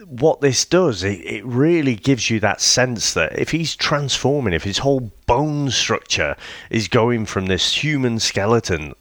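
A man's voice: mid-range voice, animated, fairly bright tone, dry recording, studio quality. A man co-hosting a casual film review chat, enthusiastic and often restarting his sentences. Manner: enthusiastic, halting with frequent restarts. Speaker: podcast co-host.

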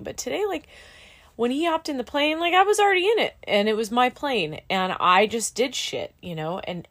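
A middle-aged woman and student pilot in casual chat, candid and emotional, with plenty of fillers like "like" and "dude.". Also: mid-range voice.

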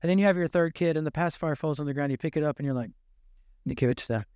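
A man's voice: on the high side, rapid-fire, a little mellow, smooth, no echo, studio quality. An older man giving an earnest, conversational sermon to parents, asking his listeners rhetorical questions. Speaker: pastor.

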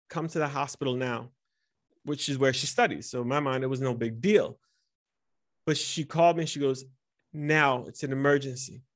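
A man in his thirties with a fairly high voice tells personal stories to a group. He talks openly and with feeling, and he acts out the moments as he tells them. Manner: candid, vulnerable, animated storytelling. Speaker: speaker teaching instructors. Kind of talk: personal storytelling talk.

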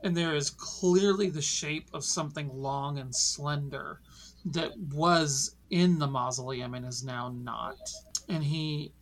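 A woman running a tabletop game as narrator, describing scenes in an eerie, unhurried way. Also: deep voice. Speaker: game master.

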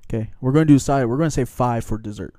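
A man's voice: mid-range voice, quick pace, mellow, no echo. A young man in casual podcast chat, telling rambling stories with swearing and frequent laughs. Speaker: podcast co-host.

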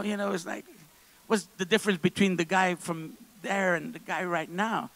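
A man preaching a sermon in a church service, moving between quiet, low asides and loud, fervent stretches. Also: level tone, moderate pace, vocal fry, poor audio. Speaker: pastor.

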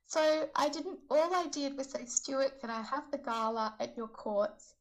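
Woman, chatty storyteller, slightly high voice, lively when quoting others. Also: unhurried, rough recording. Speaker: charity event organizer. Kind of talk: casual storytelling.

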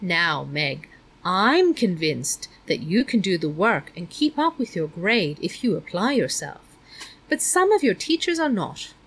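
A woman's voice: fairly low pitch, big pitch swings, unhurried, a bit bright, husky, heavily acted. A woman voicing a stern, prying middle-aged male school principal who lectures and talks down to a student. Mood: probing. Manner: lecturing, condescending.

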